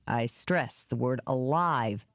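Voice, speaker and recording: A woman reading an audiobook, voicing a gruff, wary man who talks in curt, dry lines. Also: mid-range voice, slow pace, fairly bright tone, no room sound.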